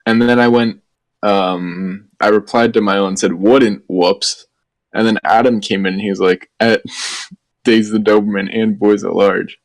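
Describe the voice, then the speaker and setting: A man's voice: fairly low pitch, fairly even intonation, normal speed, no echo. A man co-hosting a casual comedy podcast, crude and joking, swearing often. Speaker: podcast co-host.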